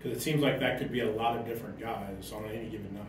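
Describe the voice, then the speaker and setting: A man's voice: on the low side, steady tone, fast. A man, a reporter, asking a hesitant, rambling question at a press conference. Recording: echoey room, distant mic, clear noise.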